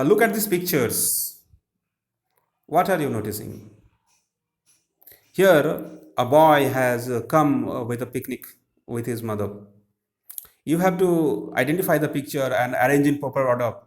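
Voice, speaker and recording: A man, explaining textbook grammar answers slowly, with many pauses and fillers. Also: mid-range voice, lively intonation. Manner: slow, halting, many "uh" fillers. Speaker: English teacher.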